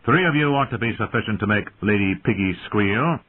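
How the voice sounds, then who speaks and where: A man voicing a cold, sharp older master-at-arms who mocks his recruits, heard through tinny phone-like audio. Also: fairly low pitch, animated, brisk, husky. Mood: scornful. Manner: cold, cutting and mocking.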